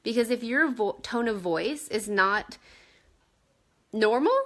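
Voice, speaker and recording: A woman in her thirties coaches her team in an energetic, chatty way, speaking from home. Her voice sits somewhat high and has a crisp, forceful brightness, and she keeps checking in with her listeners as she goes. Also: slow. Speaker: direct sales team leader. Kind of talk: casual coaching talk to camera.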